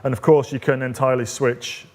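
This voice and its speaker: A man presenting as a technical evangelist, explaining a software demo step by step in a conversational way with frequent fillers. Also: medium pitch, level tone, brisk. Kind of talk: live coding demo presentation.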